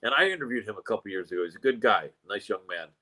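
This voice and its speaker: A man's voice: on the low side, lively intonation, very fast, bright, forceful tone, rough recording. A man hosting a sports podcast, chatty and jokey as he runs through upcoming fights. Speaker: podcast host. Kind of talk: casual MMA podcast chat.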